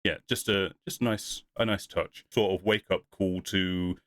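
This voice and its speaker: A young man co-hosts a podcast, chatting casually about reviews, rambling, laughing often, and acting out quotes. His voice is low and fairly bright, with fairly even intonation and an unhurried pace. The sound is clean studio audio with no room echo.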